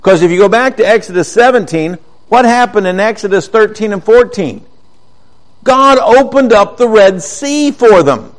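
A man preaching a conversational sermon, walking through Bible passages with rhetorical questions and an animated, teaching manner. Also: high-pitched, normal speed.

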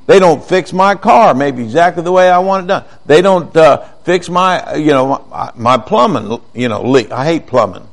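A high-pitched man delivering a sermon in an easygoing, conversational way. He reads scripture aloud and keeps pressing his listeners with rhetorical questions. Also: normal speed, creaky, few pauses. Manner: conversational, animated Bible teaching with rhetorical questions. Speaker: preacher.

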